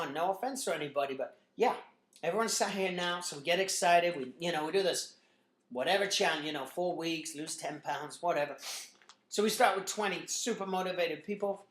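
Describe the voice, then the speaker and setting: A man in his thirties, a gym owner and trainer, giving a blunt, energetic motivational talk to a group full of "you know" fillers. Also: high voice, normal speed. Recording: echoey room.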